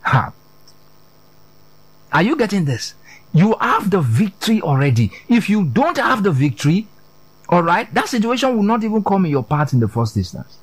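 Man preaching, high voice that swings up and down a lot, keeps asking are you getting this. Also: sing-song, normal speed, slightly rough, poor audio. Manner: emphatic, drops low on key words. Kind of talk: sermon.

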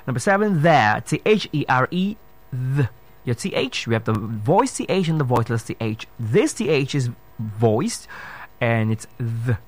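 A man's voice: medium pitch, very animated, unhurried. A man teaching pronunciation on the radio, spelling words out letter by letter and correcting common mistakes. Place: radio studio.

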